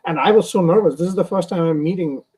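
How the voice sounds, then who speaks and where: A man's voice: high-pitched, fast talker, dark tone, husky, low-quality recording. A young man from India, a comic artist, talking casually in an interview with many fillers and restarts over a remote stream call.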